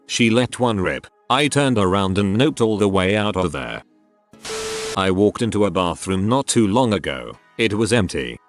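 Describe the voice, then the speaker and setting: A man reading out anonymous online stories as scripted narration, in a wry, storytelling manner. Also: lowish voice.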